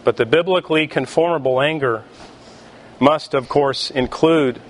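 A male pastor preaching a sermon, emphatic and deliberate, with pauses between phrases. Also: on the high side, slight background noise.

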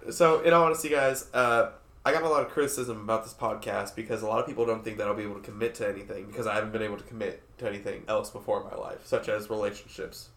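A man's voice: on the low side, fairly even intonation, rapid-fire, a bit bright, reverberant. A man in his twenties hosting a casual podcast chat, laughing often and swearing freely. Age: 20s. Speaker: podcast host.

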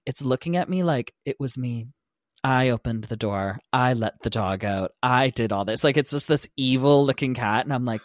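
A young man spins a casual, animated story on a podcast, dropping swear words and putting on little voices for the people in his tale. His pitch sits in the middle range, and the recording is dry and close. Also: brisk, no echo. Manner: animated, swearing, acts out quotes. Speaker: podcast co-host.

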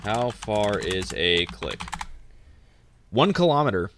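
A man's voice: fairly low pitch, sing-song, slow pace, noisy background. A man from Texas co-hosting a podcast, summarizing a book casually, easygoing, with stammering restarts. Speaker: podcast co-host.

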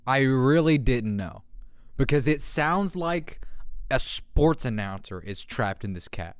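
A young man hosting a casual podcast, excitable and laughing often, swearing and doing deep meows as he reacts to memes. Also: takes it slowly, smooth, dry recording, studio quality. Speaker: podcast host. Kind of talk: casual meme commentary. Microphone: handheld podcast mic.

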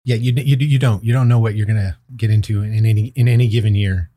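A man speaking as a guest on a podcast interview, a county probation chief explaining things in a measured, thoughtful way with frequent fillers and restarts. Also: on the low side, fairly even intonation, warm tone, no room sound.

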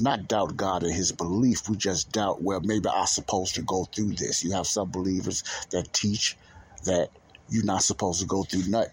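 A man's voice: low-pitched, slightly rough, no echo. A man hosting a Christian podcast, talking earnestly off the cuff, repeating himself and restarting his sentences. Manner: earnest, repetitive, restarts often. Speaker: podcast host. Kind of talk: casual Christian commentary.

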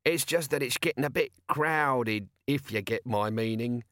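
A man reading an audiobook voices a complaining low-ranking corporal stuck in a cramped vessel. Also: normal speed, fairly bright tone, no echo, clean studio sound, lightly acted. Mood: grumbling. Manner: whiny, complaining. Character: grumbling lowly male soldier, corporal.

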